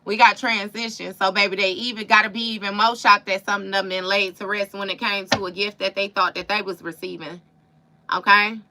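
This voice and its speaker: A woman's voice: mid-range voice, fairly even intonation, brisk, pushed and bright. A woman doing a live tarot reading, talking to her viewers in a casual, emphatic, slangy way. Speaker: tarot reader.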